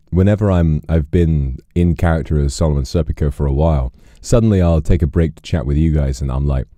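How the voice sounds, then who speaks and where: A man's voice: a bass voice, mellow, dry recording, studio quality. A man streaming, chatting casually with viewers, rambling with lots of fillers and restarts.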